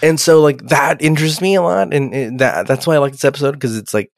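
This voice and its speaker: A man casually recapping a TV episode on a podcast, rambling, swearing and acting out the characters' lines in quick voices. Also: a little high, vocal fry, dry recording, studio quality. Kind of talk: casual chat.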